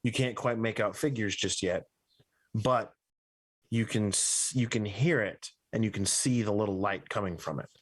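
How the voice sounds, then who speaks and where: A man running a tabletop game as game master, narrating scenes in a loose, halting way with fillers and restarts. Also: fairly low pitch, slightly rough.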